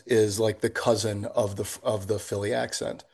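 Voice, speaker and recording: A man in casual chat, telling his stories in a relaxed, easygoing way. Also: on the low side, moderate pace, creaky, breathy edge.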